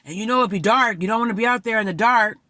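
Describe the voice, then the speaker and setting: A woman in her forties telling a heartfelt personal story in a vlog, swinging between excitement and tearfulness. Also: fairly high pitch, quick pace, dry recording. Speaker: vlogger.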